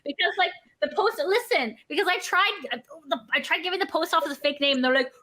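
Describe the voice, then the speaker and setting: A woman's voice: very high voice, quick pace. A woman co-hosting a podcast, telling rambling, profane stories in casual chat. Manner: rambling, profane, animated storytelling. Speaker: podcast co-host.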